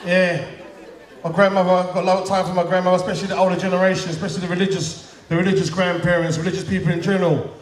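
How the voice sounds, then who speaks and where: London-accented male stand-up, high and loud, working a live crowd in a roomy hall, mic far off. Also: fairly even intonation, very fast. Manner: loud, shouty, laughing banter with the crowd. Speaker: stand-up comedian. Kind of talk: live stand-up at an awards show. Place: large event hall.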